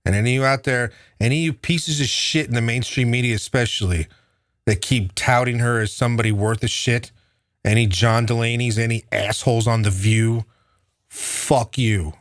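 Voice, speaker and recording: A man's voice: medium pitch, steady tone, normal speed, no room sound, clean studio sound. A man delivering an angry, profane political rant, heated and sneering. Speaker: political commentator.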